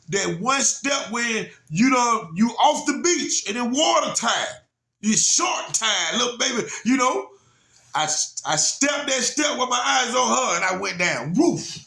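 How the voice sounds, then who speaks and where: A middle-aged man telling an emotional personal story, often getting loud and excited as he retells it. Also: medium pitch. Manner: animated, grows loud and excited retelling the rescue.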